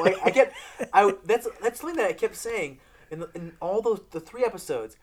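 A podcast co-host chatting casually about a TV series. The talk rambles, full of swearing and lively acted-out retellings. The voice sits at a middle pitch. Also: fairly quick, crowd noise. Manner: profane, rambling, with animated retellings. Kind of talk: casual chat reviewing a TV series.

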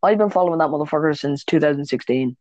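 A man's voice: fairly high pitch, quick pace, a little mellow, dry recording. A man co-hosting a casual podcast, talking fight sports, swearing and laughing often. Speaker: podcast co-host. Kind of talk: casual chat.

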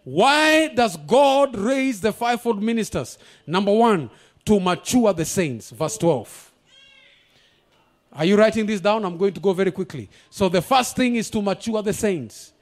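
A middle-aged man, preaching a sermon as a visiting pastor at a church service, declaring prophecies in shouted bursts. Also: sits high, animated, unhurried. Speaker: guest pastor.

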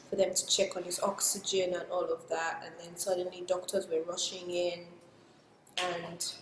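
A woman in casual podcast chat, telling a personal story in a soft, reflective way that trails into quiet asides. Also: on the low side, noisy background. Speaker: guest sharing a personal story. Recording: roomy with long reverb.

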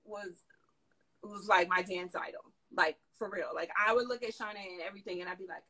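A woman telling a lively story in a casual interview, excitable and full of slangy asides. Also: medium pitch, brisk, poor audio. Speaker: guest dancer and choreographer.

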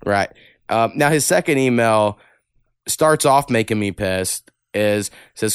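Podcast host, man, smooth voice, dry close mic, blunt and profane chatter. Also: medium pitch, a little slow, no echo. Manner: blunt, heavy cussing, animated rants. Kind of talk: casual podcast chat, reading listener emails.

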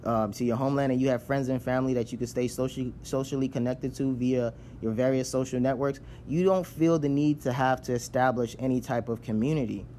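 A man's voice: mid-range voice, steady tone, brisk, few pauses, dark tone, a little hiss or hum. Chatty Nigerian-born man explaining things. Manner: conversational, often checks in with "right?" and restarts sentences. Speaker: speaker on immigrant identity. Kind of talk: casual explanatory talk.

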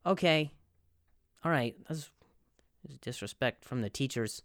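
A man's voice: mid-range voice, expressive, a little slow, fairly bright tone, no echo. A young man hosting a comedy podcast, rambling and profane, with sarcastic rants full of restarts. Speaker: podcast host.

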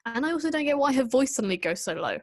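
A woman co-hosting a casual podcast, giving an opinionated, animated critique with quick asides. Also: high-pitched, no room sound. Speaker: podcast co-host reviewing an episode. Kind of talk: casual chat.

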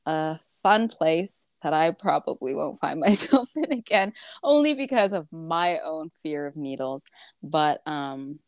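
A woman's voice: sits low, a little mellow, smooth, no room sound, clean studio sound. A woman co-hosting a podcast, easygoing and reassuring in casual chat. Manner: easygoing, laughs along, reassuring. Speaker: podcast co-host.

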